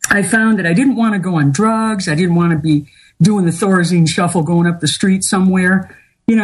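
A woman being interviewed as a guest, talking candidly and at length with many pauses and fillers. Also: lowish voice, breathy edge. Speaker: interview guest, artist and healer. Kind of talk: casual interview talk.

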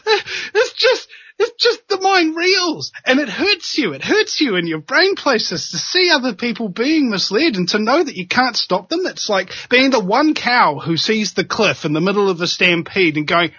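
Sarcastic laughing man host, husky. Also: sits high, normal speed, few pauses, no room sound. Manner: sarcastic, laughs often, animated. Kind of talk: casual conversation, commentary. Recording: dull, dry lo-fi audio.

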